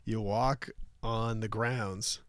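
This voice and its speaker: A man hosting a sports talk show, telling stories in a lively, casual way. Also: lowish voice, extremely slow, clean tone, no echo, studio quality. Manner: animated storytelling with laughs.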